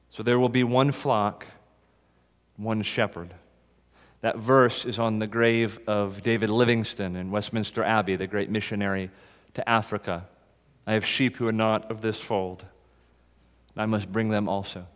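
Male pastor preaching in a reverberant hall. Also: mid-range voice. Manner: swings from soft and slow to loud and rising in appeals. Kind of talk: sermon.

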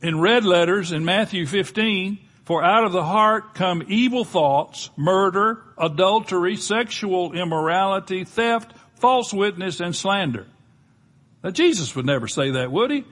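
Husky older Southern preacher. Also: male voice, high voice, expressive, a little slow, a bit bright. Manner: folksy, conversational preaching with humor. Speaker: pastor. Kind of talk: sermon.

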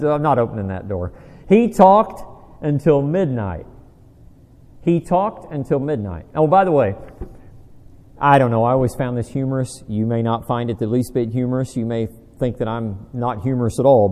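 A man's voice: mid-range voice, a little fast, dark tone. Man, preacher, conversational sermon, dry self-deprecating jokes, questions to the audience, long hall reverb. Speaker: preacher teaching a Bible study.

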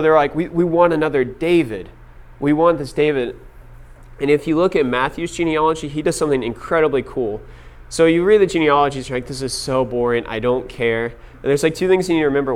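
Casual young man preaching a sermon. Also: on the high side. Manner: casual storytelling with many fillers. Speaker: pastor.

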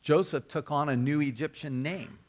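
A man's voice: on the high side, moderate pace. A man preaching a sermon, telling the story earnestly and often repeating or restarting his words. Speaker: pastor.

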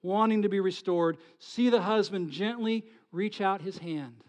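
A man with a high voice preaching a sermon to his congregation. He drops to hushed, almost whispered lines, then swells into loud, pleading passages. He keeps putting rhetorical questions to his listeners. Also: a little slow. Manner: dramatic swings from soft whispers to loud pleading. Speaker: pastor.

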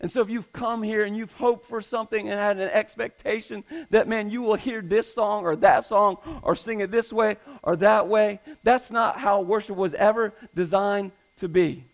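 A male pastor preaching in a high-pitched voice with a gravelly edge. He drives his points home emphatically, repeating key phrases and asking the congregation pointed questions. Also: steady tone, normal speed, hardly any pauses, low-quality recording. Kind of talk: sermon.

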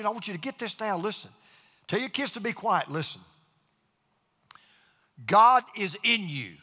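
A man's voice: sits high, pushed and bright, long reverb tail. A man preaching a sermon with emphatic call-and-response to his congregation. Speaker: pastor.

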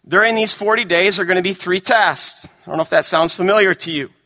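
A male pastor preaching a sermon, swinging dramatically between emphatic, raised lines and hushed, quiet ones. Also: high-pitched, a little fast.

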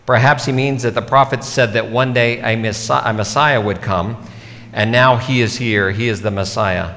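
Male pastor, mid-pitched, conversational sermon delivery, long hall reverb. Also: steady tone, normal speed, fairly bright tone, slight background noise. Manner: conversational, explanatory preaching.

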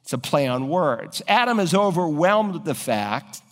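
A man's voice: fairly high pitch, big pitch swings, normal speed, a bit bright, big-room sound. A man preaching a sermon as pastor, building to emphatic raised peaks.

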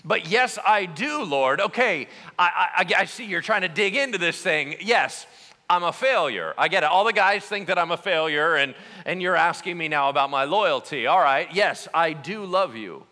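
A man's voice: a little high, lively intonation, moderate pace, sharp tone, long reverb tail, voice pushed down. A man voicing an anxious male apostle who feels like a failure, talking defensively and stammering. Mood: uneasy. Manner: defensive, self-doubting, stammering.

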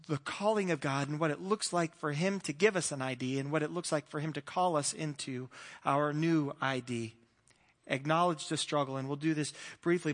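Preacher, male: high, bright, earnest, long hall reverb. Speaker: pastor. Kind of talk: sermon. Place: church hall.

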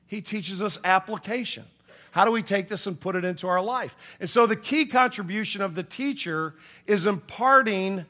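Bright-voiced pastor preaching. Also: male voice, sits high. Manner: conversational preaching, acts out quoted voices, dynamic swings from loud to hushed. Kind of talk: sermon.

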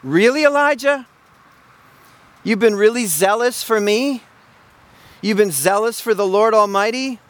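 A man's voice: sits high, unhurried, pauses often. A preacher voicing God as a stern male deity who presses with repeated questions. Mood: probing.

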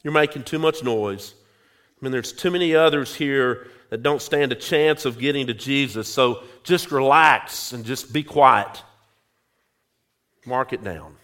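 A male preacher voicing a dismissive man in a crowd who tells someone to quiet down, in a lowered, hushing voice. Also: a little slow, close to an everyday voice. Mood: scolding.

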